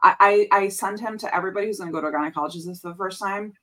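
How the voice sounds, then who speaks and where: A woman's voice: mid-range voice, racing, fairly bright tone, poor audio. A woman guest in a casual podcast interview, telling a personal story earnestly with frequent restarts and repeated words.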